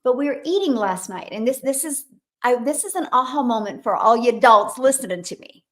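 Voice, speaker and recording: An energetic woman in her fifties is hosting a live stream in a casual, chatty way. Her voice sits high, and she keeps it lively as she greets viewers by name and talks straight to them. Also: fairly quick. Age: 50s. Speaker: livestream host.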